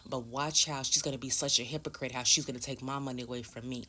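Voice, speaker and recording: A woman's voice: very deep voice, steady tone, quick pace, pushed and bright. A woman vlogger telling a personal story in a casual, blunt and emphatic way, swearing freely.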